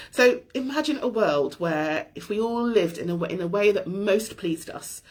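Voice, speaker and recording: Candid husky-voiced woman host. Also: medium pitch, animated, unhurried. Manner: candid and thoughtful, with light self-deprecating laughs. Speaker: host of a weekly live reflection show. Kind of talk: candid personal reflection.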